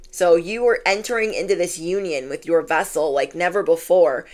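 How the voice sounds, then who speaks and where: A woman's voice: on the low side, normal speed, darkish tone. A woman giving a casual spiritual reading, chatty and affirming, often saying "like". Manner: chatty and affirming, heavy use of "like". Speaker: intuitive card reader.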